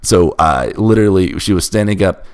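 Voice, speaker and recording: A man's voice: low voice, normal speed, clear, resonant tone. A young man telling a bizarre personal story in a casual chat, emphatic and restless. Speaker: storyteller guest.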